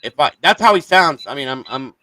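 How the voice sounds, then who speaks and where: Host, male, live-stream rant, bright forceful voice, dry sound, swears and jumps around. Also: medium pitch, lively intonation, fairly quick, no room sound, low-quality recording. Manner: irritated, profane, rambling.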